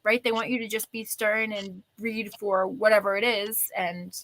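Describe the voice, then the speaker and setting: A woman's voice: medium pitch, little pitch movement, moderate pace, a bit bright, dry recording, low-quality recording. A woman hosting a casual interview show, asking follow-up questions and encouraging her guest. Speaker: show host.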